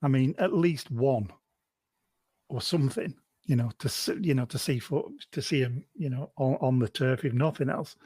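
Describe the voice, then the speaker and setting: A man's voice: medium pitch, normal speed, warm tone, slightly rough, no room sound. A man co-hosting a football podcast, agreeable and hesitant. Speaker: podcast co-host. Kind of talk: casual football podcast chat.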